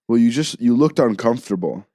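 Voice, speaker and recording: A man's voice: mid-range voice, animated, fairly quick, dark tone, no echo. Young man, twenties, podcast co-host, joking and laughing, dry close sound. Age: 20s. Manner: playful, joking, laughs often. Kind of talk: casual podcast chat.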